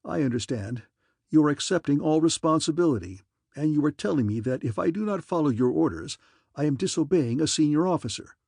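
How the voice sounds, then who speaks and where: A sardonic officer , voiced by a male reader, who talks quickly and a touch higher, calmly turning the order back on his superior. The husky voice is recorded close in an audiobook. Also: dry recording, exaggerated voice. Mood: wry.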